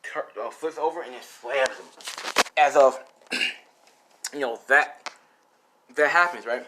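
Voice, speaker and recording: A man's voice: mid-range voice, slow, sharp tone, slight background noise. A young man improvising a fan-fiction story, rambling and casual, swearing often and full of fillers.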